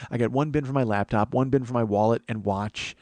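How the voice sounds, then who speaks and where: A man's voice: mid-range voice, a little fast, darkish tone, no room sound. A man, a comedian and podcast host, telling a profane, exasperated comic story.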